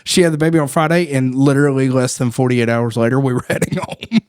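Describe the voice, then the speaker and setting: Male podcast co-host, animated storyteller, dry close sound. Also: mid-range voice, fast talker, clean tone, dry recording. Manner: animated storyteller, laughs often. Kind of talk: casual storytelling chat.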